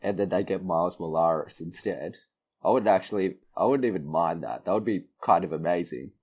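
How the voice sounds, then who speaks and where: A man's voice: low voice, brisk, a little mellow, husky. A man co-hosting a podcast, laid-back, swearing casually and laughing often. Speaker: podcast co-host. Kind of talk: casual chat.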